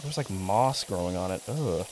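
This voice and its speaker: Bantering with his chat in mock outrage, a young man streams a game live with casual, rambling, swear-laced commentary. His voice sits low and sounds expressive and darkish at a moderate pace, over a slight hiss or hum.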